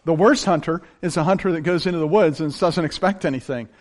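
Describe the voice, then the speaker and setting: A man preaching a sermon in a folksy, animated way, swinging between loud emphasis and hushed intensity. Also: on the high side, quick pace. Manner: folksy, uses plain down-home examples. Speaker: pastor.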